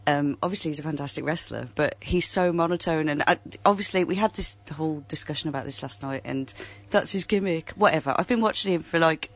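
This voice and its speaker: A woman's voice: sits low, fast talker. Woman with a Birmingham accent. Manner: defensive, breezy. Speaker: guest contributor. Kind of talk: casual chat.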